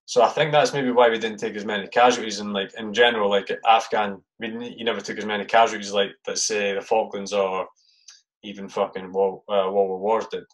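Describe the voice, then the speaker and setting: Low-voiced man, casual podcast host. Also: level tone, brisk, rough recording. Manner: rambling, swears freely, many fillers. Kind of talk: casual interview chat.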